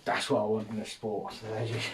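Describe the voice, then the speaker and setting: A man's voice: on the low side, little pitch movement, a little fast, recorded from a distance, a little hiss or hum. An English man hosting a podcast, rambling through a casual comic monologue, swearing and mocking himself as he goes. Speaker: podcast host.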